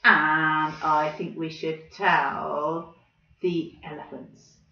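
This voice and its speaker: A woman leading a children's church video for toddlers. She tells a story and runs games in a slow, exaggerated, coaxing presenter manner, recorded at home. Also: sits low, little pitch movement. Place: living room at home. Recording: roomy, distant, slightly dull home recording.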